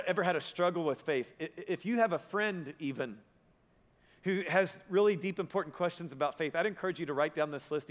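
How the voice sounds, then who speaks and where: A male pastor giving a sermon, conversational and joking with his audience. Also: a little high. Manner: humorous, conversational preaching with audience asides. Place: church auditorium. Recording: long reverb of a church hall.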